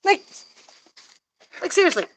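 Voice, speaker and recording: Woman vlogger, slow easygoing talk, rambling with fillers, chuckles often, chores in a goose coop. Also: rough recording. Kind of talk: casual chat while doing chores.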